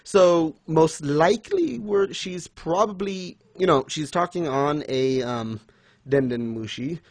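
A man casually chatting as co-host, animated and quick to laugh, acting out lines he retells. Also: a little high, dry recording. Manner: animated, laughs often, acts out quotes. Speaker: podcast co-host. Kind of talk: casual fan discussion.

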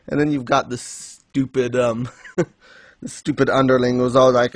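A man's voice: mid-range voice, little pitch movement, moderate pace, no echo. A man hosting a casual recap chat, laughing often and acting out quotes. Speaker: podcast host.

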